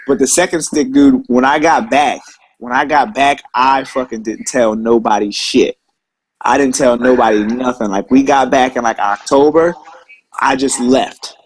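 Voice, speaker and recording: A man's voice: medium pitch, a little hiss or hum, low-quality recording. Profane, indignant male storyteller. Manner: swears constantly, animated and indignant. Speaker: Marine veteran telling stories.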